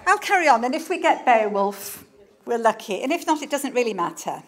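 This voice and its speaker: A woman's voice: on the high side, sing-song, brisk. A woman author giving an informal public talk, chatty and enthusiastic, often wandering off on asides.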